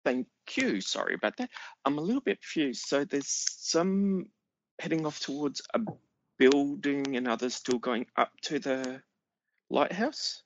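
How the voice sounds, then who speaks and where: Hesitant gravelly male player on a call. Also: mid-range voice, expressive, measured pace, no room sound. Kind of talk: playing a tabletop game over a call. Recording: dull online call audio.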